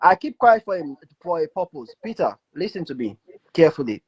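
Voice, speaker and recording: A man with a Nigerian accent making a measured, lecturing point in a live audio debate. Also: on the high side, very animated, muffled recording, a crowd in the background. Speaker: debate participant.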